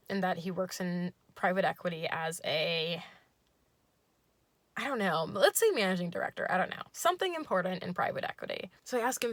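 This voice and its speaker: A young woman telling a dating story to camera, sarcastic and animated, swearing freely. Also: medium pitch, dry recording. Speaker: vlogger. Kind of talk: storytime vlog.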